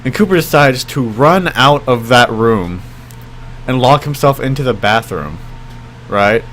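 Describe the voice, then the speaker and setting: A young man casually telling a story on his vlog, rambling with lots of fillers and jumping his pitch when he quotes people. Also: animated, a little slow, fairly bright tone, slight background noise. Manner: rambling, many fillers like "like" and "I mean"; acts out quoted voices with jumps in pitch. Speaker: vlogger.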